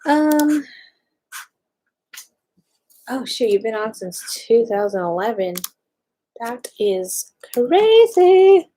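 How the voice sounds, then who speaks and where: Gushing, excitable woman in casual chat. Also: mid-range voice, slight background noise. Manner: gushing, excitable, talks while browsing.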